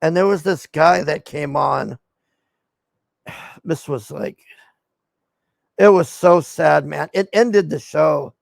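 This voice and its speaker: A man's voice: fairly high pitch, slow, vocal fry, long pauses, no echo. A male streamer and show host chatting casually to his viewers in a rambling, laid-back way, with lots of fillers and some swearing.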